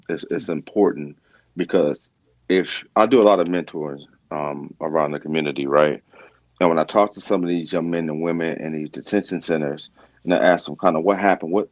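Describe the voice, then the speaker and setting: A man who mentors in the community, speaking in a measured, earnest way on a panel. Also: sits low, dry recording. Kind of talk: casual panel discussion. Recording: slightly dull, dry sound.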